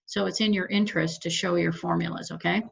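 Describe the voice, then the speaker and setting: A woman's voice: fairly low pitch, fairly even intonation, fast, creaky. A woman teacher walking students through an assignment step by step, patient and methodical, firm about showing their work. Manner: firm about marking rules. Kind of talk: recorded class lecture with screen share. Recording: muffled lo-fi audio.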